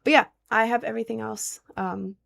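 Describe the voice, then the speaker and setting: A woman's voice: a little high, steady tone, fairly quick, creaky, a bit bright. Chatty young woman rambling to her viewers. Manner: rambling, heavy use of "like" and "um". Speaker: streamer. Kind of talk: casual chat, answering viewer questions.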